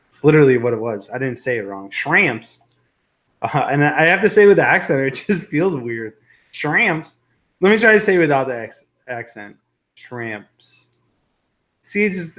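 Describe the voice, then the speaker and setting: A young adult man hosting a casual live stream, rambling and joking as he reads viewer comments aloud. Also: on the high side. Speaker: livestream host.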